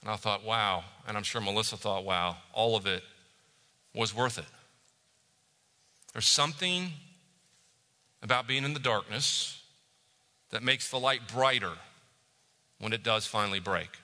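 A man preaching a sermon as a pastor, telling stories with animation and dropping to a hush for reflective moments. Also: lowish voice, measured pace, long pauses, big-room sound.

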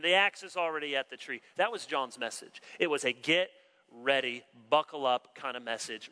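A man preaching a sermon, animated, acting out the quoted dialogue of his story. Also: mid-range voice, moderate pace, clear, resonant tone. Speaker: pastor. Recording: long reverb of a large hall.

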